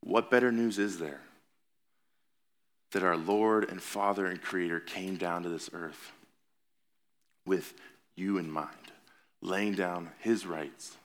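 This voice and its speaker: A man's voice: deep voice, steady tone, takes it slowly, long pauses. A man as a pastor, preaching a conversational sermon in a church and rising to earnest emphasis on his key points. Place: church sanctuary.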